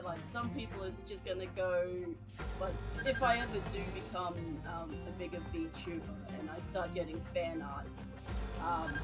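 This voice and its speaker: A woman's voice: lowish voice, rough recording. Giggly Australian woman streamer. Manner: giggly, animated, self-deprecating. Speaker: guest streamer. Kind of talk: casual chat.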